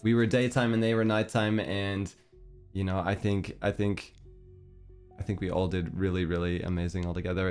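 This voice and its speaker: A man's voice: low voice, fairly even intonation, normal speed, darkish tone, clear, resonant tone. A young man with a Canadian accent, chatting casually on a stream in a meandering, hesitant, self-deprecating way. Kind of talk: casual chat. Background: faint background music.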